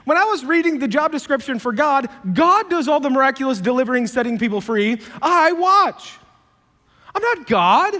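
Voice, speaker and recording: A reluctant old shepherd, as a preacher puts him on, pushing back in loose, slangy talk. The voice sits high for a man, and a long hall reverb trails behind it. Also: expressive, normal speed, bright, forceful tone, heavily acted. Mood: protesting. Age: older. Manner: casual, slangy, incredulous. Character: old male shepherd, reluctant and plain-talking.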